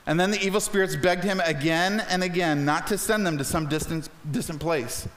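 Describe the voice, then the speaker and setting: Man, pastor, sermon, energetic and conversational, high-pitched, echoey sanctuary. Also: brisk, hardly any pauses. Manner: energetic, conversational preaching with acted quotes.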